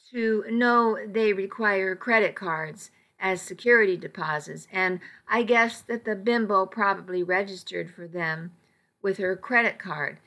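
A woman narrating a novel in the first person, measured and intimate. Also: medium pitch, bright, forceful tone. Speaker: audiobook narrator.

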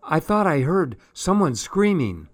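A man's voice: fairly high pitch, very animated, unhurried, voice pushed up. A man voicing a bored young girl who wants a scare, reading a storybook aloud. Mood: earnest.

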